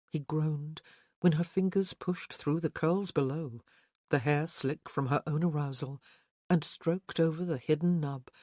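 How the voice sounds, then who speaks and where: An audiobook narrator reading a romance novel at a slow, even pace. The voice sits at a middle pitch. The recording is dry and close, with no echo.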